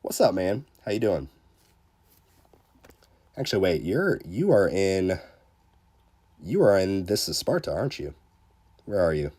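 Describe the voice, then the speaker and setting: This gamer streaming live has a low voice, talks a little slowly, and pauses often. His casual play-by-play is loaded with fillers as he welcomes viewers and makes excitable, self-mocking jokes at his own expense.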